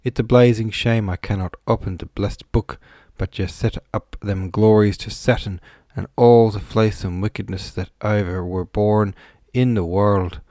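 A grumbling, pious old servant, put on by a man reading aloud, drawn out slow and loud in a low, dry voice. He scolds and rails at everyone around him. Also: steady tone, dry recording, lightly acted. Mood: scolding, indignant.

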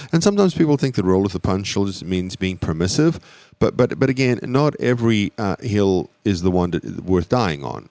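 A man's voice: low voice, darkish tone, dry recording. A middle-aged man from South Africa with a South African accent, co-hosting a podcast in a rambling, casual way that often restarts his words. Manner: rambling, repeats words when starting. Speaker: podcast co-host.

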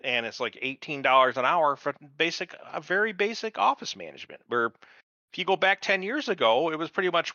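Brief: sarcastic, foul-mouthed male podcast host, forceful bright tone, dull lo-fi recording. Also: a little high, big pitch swings, a little fast, no room sound. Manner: profane, ranting, sarcastic. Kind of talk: casual podcast chat.

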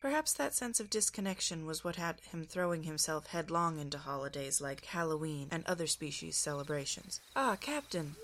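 A woman podcast reader narrating a fan story in a calm, even way. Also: sits low, a little hiss or hum. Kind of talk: scripted narration.

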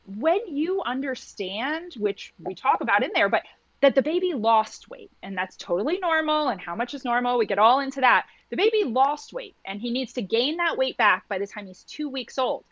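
A woman's voice: fairly high pitch, lively intonation, moderate pace, a bit bright, no room sound, dull audio. A woman who works as a postpartum doula, talking in a podcast conversation and acting out little quoted exchanges as she explains.

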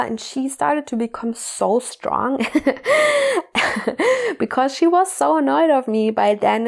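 A woman's voice: fairly high pitch, normal speed, vocal fry, darkish tone. A woman life coach giving earnest, heartfelt motivational podcast talk, full of "like" and casual swearing.

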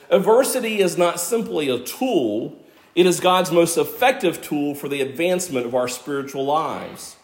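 A man in his fifties preaching a sermon, earnest and conversational, with self-deprecating asides. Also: a little high. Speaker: pastor. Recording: echoey church room.

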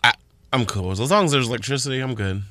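Bright, playful male radio co-host. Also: mid-range voice, a little hiss or hum. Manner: playful, jokey banter with quick reactions. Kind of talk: casual morning radio chat. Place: radio studio. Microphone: studio microphone.

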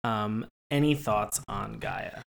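A man hosting a podcast, talking in a rambling, animated and playful way in casual chat. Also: on the low side, takes it slowly, vocal fry. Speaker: podcast host.

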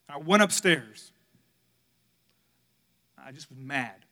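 A male pastor preaching a sermon, telling a candid personal story, swinging from loud outbursts to hushed, quiet passages. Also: a little high, animated, takes it slowly, long pauses.

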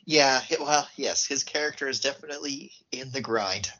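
A man's voice: mid-range voice, normal speed, sharp tone, lo-fi sound. A man co-hosting a podcast, trading short replies and dry puns in casual film talk. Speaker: podcast co-host.

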